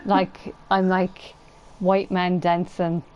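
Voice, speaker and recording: A woman's voice: lowish voice, monotone, slow, dull audio, slight background noise. A woman streamer in casual chat while gaming, telling stories with a lot of swearing and laughter.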